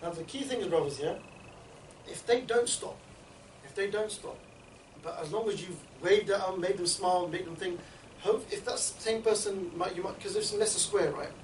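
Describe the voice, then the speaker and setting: A man training a group in street outreach, talking in a rapid, chatty way and often checking in with his listeners. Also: high voice, a little hiss or hum. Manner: rapid, chatty, keeps checking in with "yeah?" and "right?". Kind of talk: instructional group talk. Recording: echoey room, mic at a distance.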